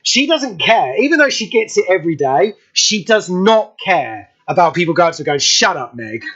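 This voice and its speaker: Chatty bright male radio host. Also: sits high, sing-song, normal speed, slightly rough, highs cut off. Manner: chatty anecdote-telling, laughs often. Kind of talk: casual radio chat.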